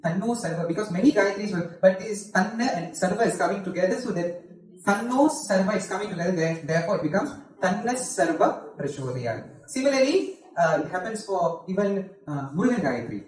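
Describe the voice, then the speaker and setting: A man with a Malaysian English accent giving a devotional talk, explaining patiently and chanting mantra lines slowly to demonstrate. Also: high-pitched, lively intonation. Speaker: spiritual teacher. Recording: echoey hall, voice from far off.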